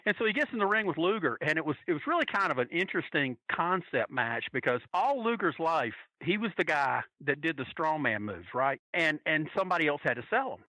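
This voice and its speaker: A man on a podcast telling a long, animated, profane story with plenty of restarts. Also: a little high, brisk, few pauses, no echo, low-quality recording. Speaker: podcast guest telling a wrestling fan story. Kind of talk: casual storytelling.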